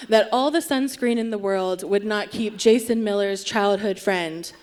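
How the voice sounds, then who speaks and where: A woman's voice: mid-range voice, unhurried, darkish tone. A woman telling a wry, self-deprecating story on a theatre stage, acting out what people said. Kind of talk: live comic storytelling.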